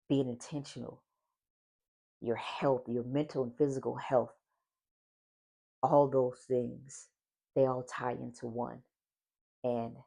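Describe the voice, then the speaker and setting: Gravelly, warm-voiced man hosting a faith podcast. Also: mid-range voice. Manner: repeats affirmations, speaks with a smile in the voice. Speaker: podcast host. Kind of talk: solo faith-based encouragement monologue.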